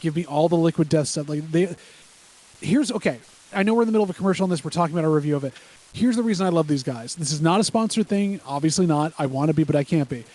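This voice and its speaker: A man's voice: on the high side, animated, quick pace, a little mellow. A man co-hosting a podcast, chatting casually and enthusiastically, rambling about what he likes. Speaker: podcast co-host. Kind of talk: casual chat reacting to wrestling.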